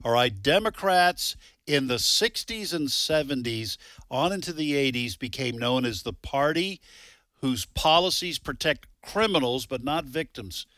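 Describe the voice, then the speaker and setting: Bright-voiced male radio co-host. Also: mid-range voice, lively intonation, unhurried, dry recording, studio quality. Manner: explanatory, with short agreeing interjections. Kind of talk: casual talk radio chat.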